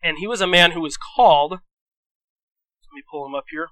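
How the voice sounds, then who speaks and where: A man's voice: fairly high pitch, a little fast, a bit bright, dry recording, poor audio. A man preaching a casual sermon, telling stories in a rambling, conversational way with many restarts.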